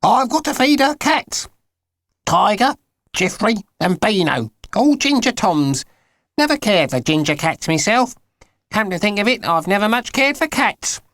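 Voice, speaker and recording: A man's voice: sits high, sing-song, measured pace, a bit bright, no room sound, clean studio sound, pitched above the performer's own voice, exaggerated voice. A man reading an audiobook, voicing a grumpy old male neighbour who rambles on. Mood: grumbling. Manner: rambling, grumbling.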